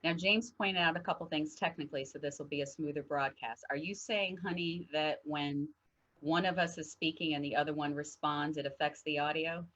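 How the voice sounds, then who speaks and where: Woman co-host, lively storyteller, lowish voice, dull lo-fi livestream sound. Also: a little fast. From northern United States. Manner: animated storyteller, acts out quotes. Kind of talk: casual heartfelt discussion.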